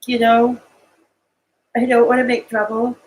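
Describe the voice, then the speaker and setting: A woman's voice: fairly high pitch, monotone, a little slow, poor audio. A woman on a live stream, talking to her chat in a rambling, distraught way, tearful at times, with bitter laughs between thoughts. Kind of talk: emotional live-stream monologue.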